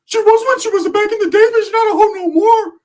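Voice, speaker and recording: A man voicing a hotheaded young gang loyalist in a squeaky, excitable high voice that breaks into rambling outbursts. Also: fast talker. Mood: indignant.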